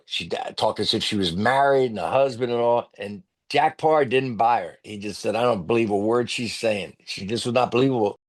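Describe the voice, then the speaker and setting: Comedian guy on a podcast, telling stories, jumps into other people's voices. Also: lowish voice. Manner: animated storyteller, acts out loud voices of others. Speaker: comedian guest. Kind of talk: storytelling podcast interview.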